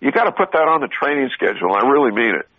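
A middle-pitched man with a husky voice talks straight and blunt, breaking into laughter mid-story. The sound is dry and a little dull, like a radio broadcast. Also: racing, dry recording. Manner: blunt, animated storytelling with frequent laughs and restarts. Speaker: veteran talk show guest speaker. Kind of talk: casual motivational radio talk.

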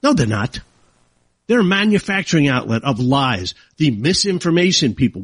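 A man's voice: fairly high pitch, very animated, normal speed, husky, no echo. A man hosting a talk radio show, delivering an indignant, heated monologue that keeps rising into outbursts.

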